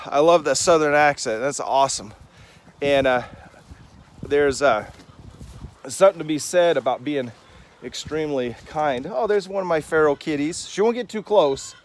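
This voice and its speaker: A man's voice: fairly high pitch, slight background noise. Rambling man chatting to farm animals. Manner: rambling, chats fondly to his animals. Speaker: Christian vlogger. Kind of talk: casual devotional vlog during farm chores. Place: outdoors on a rainy farm and in a chicken coop. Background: chickens clucking nearby.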